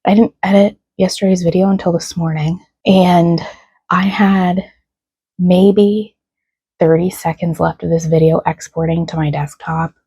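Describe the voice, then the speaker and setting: Gravelly, upset woman vlogging from home. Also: lowish voice, fairly even intonation, measured pace, dark tone, dry recording. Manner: frustrated, near tears, laughing it off. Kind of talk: casual vlog chat.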